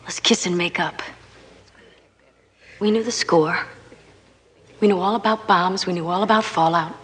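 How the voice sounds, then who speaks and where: A woman's voice: fairly low pitch, a little slow, a bit bright. A bitter, hopeless pregnant woman in a 1980s TV drama. She sounds pleading and worn down, and her voice hangs in a long, ringing reverb. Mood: despairing. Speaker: actress in a TV film.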